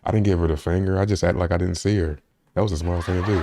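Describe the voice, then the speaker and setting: A man with a very low voice tells a story in a relaxed, rambling way. He swears freely and laughs his way through the funny parts. It is a casual podcast monologue. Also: quick pace, gravelly, crowd noise, background noise. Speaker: podcast host.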